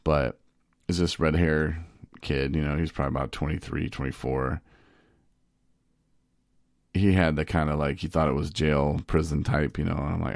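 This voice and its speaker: Deep gravelly man telling a story. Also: fairly quick, no echo, clean studio sound. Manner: rambling, animated, laughs often. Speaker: podcast host. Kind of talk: casual storytelling.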